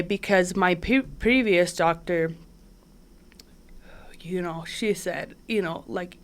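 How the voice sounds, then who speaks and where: A woman guest on an interview show, telling her story in a chatty, animated way, full of "like" fillers. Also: fairly low pitch, slow, pauses often. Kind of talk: casual conversational storytelling.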